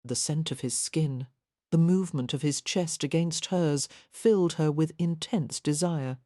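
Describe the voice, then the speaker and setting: A woman narrates a historical romance in a measured, even storytelling manner. Her voice is low and warm. The recording is dry and close, with no room sound. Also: dry recording. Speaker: audiobook narrator. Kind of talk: scripted audiobook narration.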